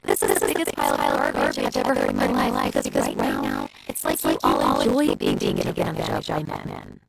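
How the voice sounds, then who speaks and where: A woman's voice: a bass voice, huge pitch swings, brisk, vocal fry, loud music behind the voice, pitched below the performer's own voice, full character voice, rough recording. A woman voicing a brusque female dating coach who scolds her listeners. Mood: scolding. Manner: bossy, scolding.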